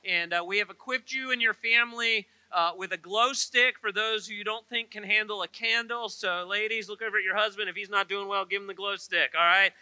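A man's voice: sits high, fairly even intonation, fairly quick, few pauses, sharp tone, no room sound, low-quality recording. A middle-aged man, preaching a sermon in a church with humorous storytelling and chatty asides. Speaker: pastor. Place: church auditorium.

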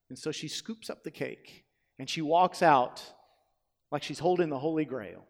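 A man preaching a sermon and telling a story, swinging between loud emphatic lines and hushed ones. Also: a little high, normal speed, in a large hall. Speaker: pastor.

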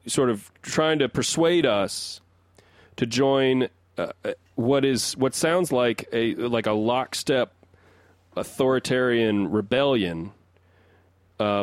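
A man in casual podcast talk, working out a long theory out loud, stopping and restarting his sentences as he goes. His voice is captured close and dry, with no room sound, at an ordinary middle pitch. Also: dry recording. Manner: rambling, restarts sentences while building an argument. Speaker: podcast co-host and resident song analyst.

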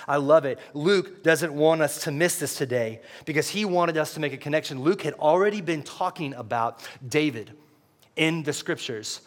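A man preaching a sermon as pastor, animated, acting out voices and shouting for emphasis. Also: mid-range voice, a little fast. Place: church.

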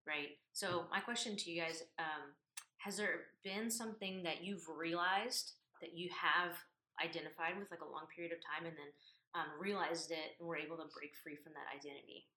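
A woman in casual conversation, thoughtful, leaning on fillers and slowing down to weigh her words. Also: fairly low pitch, steady tone, pushed and bright, echoey room.

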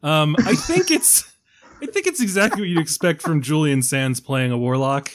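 A man's voice: a little high, expressive, moderate pace. A man hosting a film podcast in casual chat, joking and laughing often. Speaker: podcast host.

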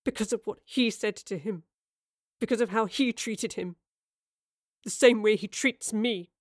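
A woman's voice: medium pitch, measured pace, dry recording, clean studio sound, natural voice. A woman voicing a distraught, angry young man whose voice chokes and breaks in a storybook drama.

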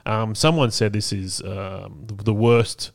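Smooth-voiced man co-hosting a podcast. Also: fairly low pitch, fairly even intonation, unhurried, no echo, studio quality. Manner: laughs easily, banters. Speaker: podcast co-host. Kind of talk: casual radio chat.

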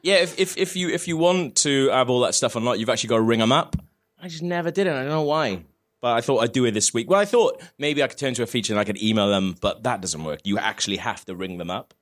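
A man's voice: medium pitch, expressive, fast. Rambling, swearing podcast host man. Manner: rambling, swearing, laughs often. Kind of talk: casual chat.

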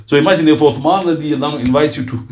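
A man with a fairly high-pitched voice gives a religious lecture. He is emphatic, fires off rhetorical questions and slips Arabic phrases into his English. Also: very fast. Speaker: Islamic teacher.

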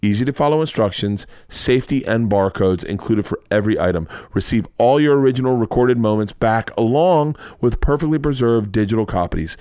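A man's voice: mid-range voice, no room sound, studio quality. Profane rambling male podcast host. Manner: rambling, profane, self-interrupting; hyped shouting bursts. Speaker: podcast host reading ads. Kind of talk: loose ad read.

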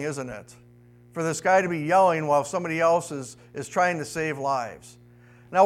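Male pastor, high voice, conversational sermon storytelling. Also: fairly bright tone. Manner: conversational, asks rhetorical questions.

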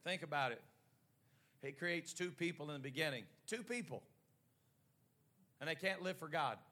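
A man preaching a sermon in short rhythmic phrases that build to shouting. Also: a little high, expressive, normal speed.

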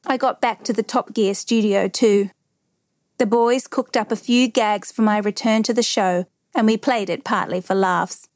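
A woman reading a first-person memoir aloud as narrator, measured and steady. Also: mid-range voice, dry recording, clean studio sound.

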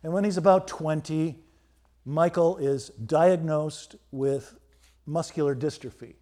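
A pastor preaching a storytelling sermon, swinging between loud emphasis and quiet, hushed moments. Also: male voice, fairly high pitch, slow pace.

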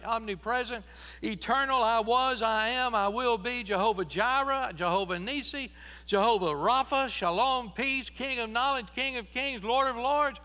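A man voicing Jesus as a commanding white-robed man, booming out a rapid litany of his own titles. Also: pushed and bright. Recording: echoey hall with mains hum.

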